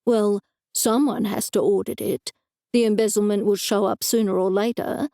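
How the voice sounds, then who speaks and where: A woman voicing a calm, matter-of-fact adult man in an audiobook. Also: mid-range voice, normal speed, no echo, studio quality, close to an everyday voice.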